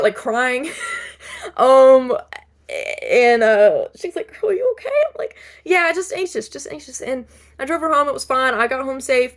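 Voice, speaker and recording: Chatty young woman vlogging. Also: on the high side. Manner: chatty, laughs often, many fillers and restarts. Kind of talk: casual chat.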